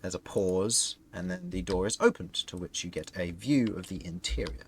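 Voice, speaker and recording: A man's voice: sits low, moderate pace, a little hiss or hum. Man narrating as game master. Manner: descriptive narration, laughs often.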